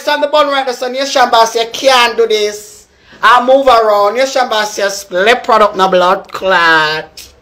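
A woman's voice: on the high side, bright, forceful tone. A young woman with a Jamaican accent ranting in a live video, calling someone out again and again with heated, repetitive jabs. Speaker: social media personality.

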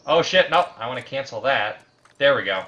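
Man gaming with friends, lively swooping pitch, bright edge, crude jokes, slightly dull lo-fi mic, faint hiss. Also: a little fast. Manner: loud, crude, prone to shouting bits. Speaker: let's play host. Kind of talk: casual gameplay banter.

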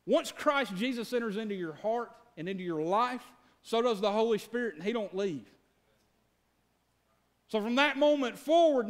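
A man with a strikingly high-pitched voice delivers a sermon from the pulpit. He preaches in a folksy, storytelling way, speaking directly to his congregation. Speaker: pastor.

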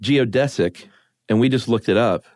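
A man co-hosting a podcast in casual chat, relaxed, chatty and quick to laugh, speaking into a studio microphone. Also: low voice, no room sound. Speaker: podcast co-host.

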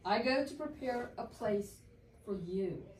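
Woman doing a soft solemn teacher guy, slow and tender, kinda far off in an echoey room. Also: medium pitch, animated. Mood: comforting. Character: gentle, solemn male teacher comforting friends. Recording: roomy, distant mic, faint background hum.

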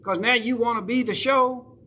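A man's voice: very high voice, fairly even intonation, moderate pace, bright, forceful tone, a little hiss or hum. A male pastor with a Southern accent preaching a sermon in a church, talking conversationally and checking in with the congregation. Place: church sanctuary.

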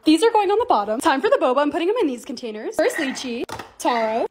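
A bubbly young woman narrates her vlog in a high, lively voice that leaps up and down. She talks quickly and chattily. A faint hiss sits under the recording. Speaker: lifestyle creator.

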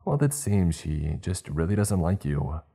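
A man's voice: low-pitched, very animated, a little slow, warm tone, breathy edge, heavily acted. A man voicing a big, dopey cultist who speaks with plain regret. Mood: regretful.

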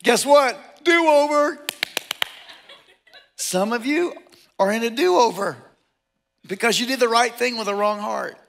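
A middle-aged male pastor preaching a sermon, animated and joking, acting out the people he quotes. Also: very high-pitched, unhurried, vocal fry, slight background noise. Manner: animated, jokey, acts out quotes.

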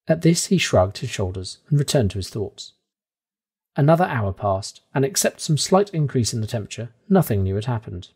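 Husky-voiced man narrating an audiobook. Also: mid-range voice. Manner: calm, measured storytelling. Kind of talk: scripted narration of a classic novel.

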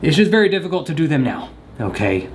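A man's voice: on the high side, big pitch swings, quick pace, slight background noise. A young man vlogging, rambling and joking straight to the camera in a goofy comedic monologue.

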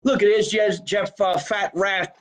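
An animated podcast host, talking in a slightly higher voice than most men. He chats casually and swears freely as he chats from a basement. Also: unhurried, rough recording. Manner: animated, profane, plugging a local deli. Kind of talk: casual live-stream chat.

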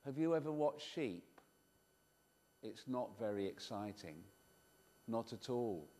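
A man from Singapore telling a story to children, taking the boy's part and swinging from hushed to shouting. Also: mid-range voice, a little slow, long reverb tail. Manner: animated, with big swings between hushed and shouted. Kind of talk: live storytelling to children, playing the boy.

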